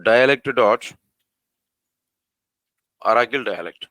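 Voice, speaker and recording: Man teaching code, slow and repetitive. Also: medium pitch, sharp tone, dry recording, poor audio. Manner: repetitive, asks the class questions, spells out code slowly. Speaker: programming teacher. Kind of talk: live coding lesson.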